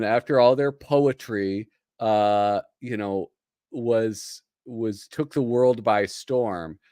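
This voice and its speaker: A man's voice: mid-range voice, no room sound, studio quality. A man hosting a casual livestream, rambling and self-deprecating as he reads through comics. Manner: rambling, self-deprecating, lots of fillers and laughs. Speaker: host. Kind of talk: casual livestream chat while reading comics. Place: home streaming setup.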